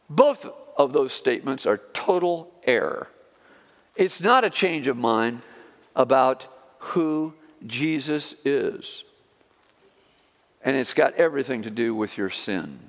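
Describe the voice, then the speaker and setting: Animated preacher man in a reverberant hall. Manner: emphatic, rising to stressed words then dropping low. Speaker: pastor. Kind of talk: expository sermon.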